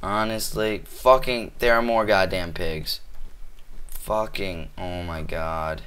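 A man playing a video game on his own channel, swearing constantly and trash-talking the animals in it, switching between shouting and muttering. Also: deep voice, steady tone, takes it slowly, clean tone. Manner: flips between angry yelling and muttering. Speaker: gamer. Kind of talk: cursing let's play commentary.

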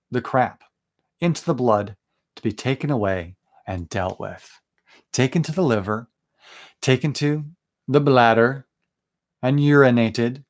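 A man's voice: mid-range voice, gravelly. A young man leading a late-night Bible study, preaching in an earnest, conversational way with frequent restarts and asides. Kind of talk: informal sermon.

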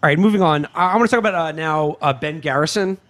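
A man co-hosting a podcast in casual chat, halting and restarting his sentences often. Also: fairly high pitch, fairly bright tone. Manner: halting, with frequent restarts and stammered repeats. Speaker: podcast co-host.

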